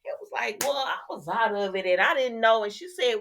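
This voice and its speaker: A woman recaps soap opera episodes in a casual, chatty, animated way, acting out the quotes and laughing often. Her voice is a little high and a little fast, with few pauses.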